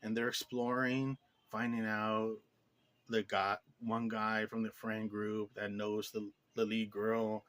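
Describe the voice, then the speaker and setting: Low-voiced man rambling through a review. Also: little pitch movement, slow pace, a bit bright, no echo. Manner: rambling, heavy use of "like" fillers; blunt and profane. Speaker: movie reviewer. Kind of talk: casual spoken review.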